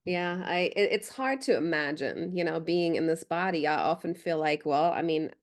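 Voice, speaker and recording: A woman hosting a conversational interview, asking gentle, thoughtful questions. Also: low-pitched, moderate pace. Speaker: interview host.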